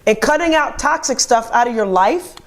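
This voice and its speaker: A woman's voice: on the high side, expressive, moderate pace. A woman, hosting a talk show in an upbeat, motivational way. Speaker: radio show host. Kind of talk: casual chat.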